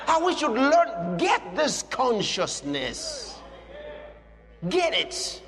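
A man preaching a sermon as pastor, emphatic and drawn-out, rising now and then into a shout. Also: sits high, huge pitch swings, creaky. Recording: long hall reverb.

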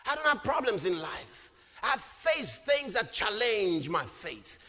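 A man preaching a sermon emphatically, often rising to shouts and dropping low on repeated refrains. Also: big pitch swings, unhurried. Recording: long hall reverb.

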